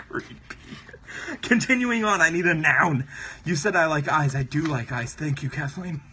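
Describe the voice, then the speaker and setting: A man's voice: fairly high pitch, moderate pace, sharp tone, slight background noise. A man hosting a casual drawing livestream, joking and laughing often as he chats with viewers. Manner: giggly, playful, laughs often. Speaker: livestream host.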